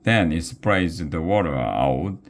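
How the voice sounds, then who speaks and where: Man playing sputtering fussy old professor, lecturing, slow, storybook reading. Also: deep voice, expressive, exaggerated voice.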